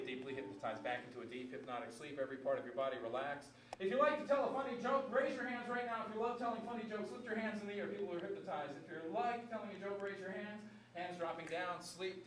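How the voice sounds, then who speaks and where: A man's voice: sits high, steady tone, quick pace, hardly any pauses, a bit bright. A man working as a stage hypnotist, giving commanding, repetitive suggestions on a TV studio stage. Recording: roomy stage sound from a distant mic, with background noise.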